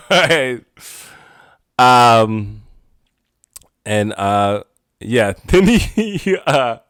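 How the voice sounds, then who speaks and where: A man hosting a podcast alone, telling a rambling casual story with frequent laughs and sudden animated outbursts. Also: medium pitch, very slow, long pauses, no room sound, clean studio sound. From United States. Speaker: podcast host. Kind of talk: casual solo monologue.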